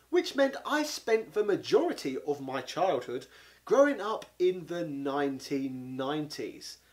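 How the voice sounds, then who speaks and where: A man rants comically, sounding indignant and exasperated. His voice sits high and leaps up and down. The tone is of a comic reviewer talking straight to camera. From London, England. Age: 30s. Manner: exasperated, indignant, peppered with 'bloody'. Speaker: video game reviewer. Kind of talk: comedic ranting monologue.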